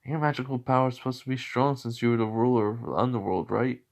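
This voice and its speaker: A man's voice: medium pitch, fairly even intonation, fast talker, gravelly, lightly acted. A man voicing a cocky, defiant young man who speaks bluntly and mockingly.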